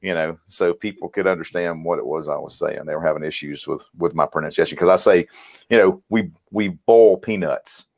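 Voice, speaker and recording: A man's voice: rumbling low, quick pace, gravelly, no echo, clean studio sound. A middle-aged man with a Southern Mississippi drawl, telling folksy stories as a guest on a casual podcast. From South Mississippi, USA. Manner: folksy, animated storyteller with a drawl. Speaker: podcast guest, medical instructor.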